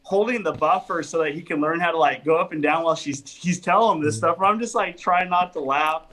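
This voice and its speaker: A man with a somewhat high voice swaps stories about work in a casual podcast chat. He is an animated storyteller who laughs often. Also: brisk, poor audio. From California, US. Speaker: flooring business owner, podcast guest.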